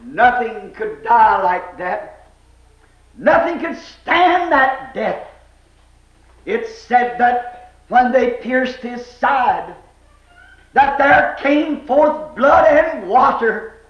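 Male preacher, very high voice, slow deliberate delivery, fervent shouting sermon, echoey dull old recording. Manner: impassioned, swinging from shouts to hushed low lines.

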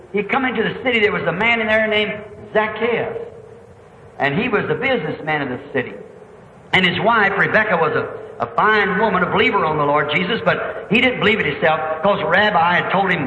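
A man preaching a sermon, telling a story and acting out its voices, sometimes rising to shouts. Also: high-pitched, fast talker. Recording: echoey hall, dull lo-fi archive tape.

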